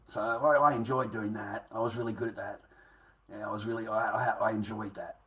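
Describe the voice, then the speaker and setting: A man's voice: fairly low pitch, steady tone, a little fast, fairly bright tone, poor audio. Foul-mouthed man, rambling. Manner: swears constantly, restless and repetitive. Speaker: storyteller. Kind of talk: rambling profane personal story.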